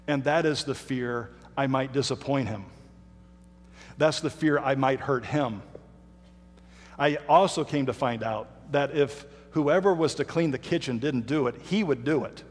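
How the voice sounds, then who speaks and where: A middle-aged man, a pastor, telling a personal story in a sermon with emphatic, dramatic pauses and slowdowns. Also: mid-range voice. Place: church sanctuary. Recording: reverberant hall.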